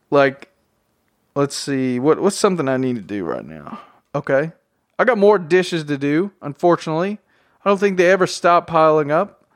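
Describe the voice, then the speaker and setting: A young man from Tennessee with a Southern drawl, talking excitedly and loosely in a casual motivational vlog. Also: on the high side, no room sound, clean studio sound. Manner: excitable, slangy, repeats himself. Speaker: vlogger.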